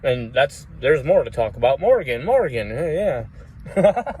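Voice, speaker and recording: A man's voice: mid-range voice, very animated, unhurried, darkish tone, slight background noise. Rambling, foul-mouthed man telling stories. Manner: rambling, heavy swearing, frequent fillers. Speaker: vlogger. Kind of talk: casual storytelling.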